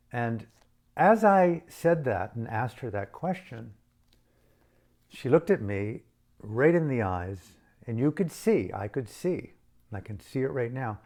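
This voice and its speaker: A man's voice: medium pitch, vocal fry, a little mellow. A man from the United States telling a personal story in a reflective, self-mocking way with shifting emphasis. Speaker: storyteller and author.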